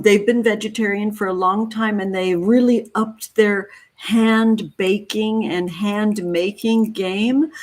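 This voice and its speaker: A woman in her thirties from California hosting a tarot livestream, greeting viewers with gushing affection and calling them honey and sweetie. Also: medium pitch. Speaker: tarot reader hosting a live stream.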